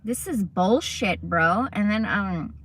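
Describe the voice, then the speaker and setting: A woman's voice: medium pitch, animated, slow pace, breathy edge. A young woman casually chatting on a livestream, telling rambling stories full of swearing and asides. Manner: rambling, profane, chatty storytelling. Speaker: livestream host.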